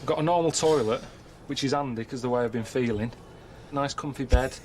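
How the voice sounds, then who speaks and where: A man, presenting a travel documentary on location in a deadpan, weary, grumbling way. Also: medium pitch, a little fast, a little hiss or hum.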